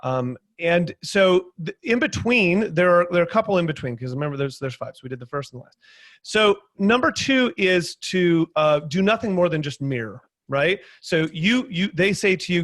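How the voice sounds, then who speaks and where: High-voiced animated man on a video call. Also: moderate pace, no room sound. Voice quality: animated storyteller, acts out quotes loudly. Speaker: panelist, sales trainer. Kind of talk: conversational panel talk.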